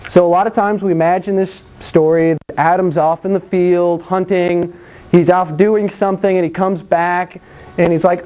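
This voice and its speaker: A preacher delivers a sermon in a lively, plain-spoken way. Bible scenes are acted out with funny voices and noises, and the talk stays blunt and conversational. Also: medium pitch, moderate pace. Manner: animated storytelling with acted-out voices and sound effects.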